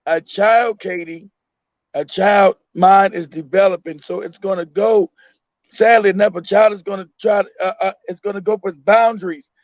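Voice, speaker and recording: Emphatic high-voiced man, dull lo-fi audio. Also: steady tone, moderate pace, no echo. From United States. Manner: emphatic, repeats himself, acts out a mother. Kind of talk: casual chat. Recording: dull lo-fi sound.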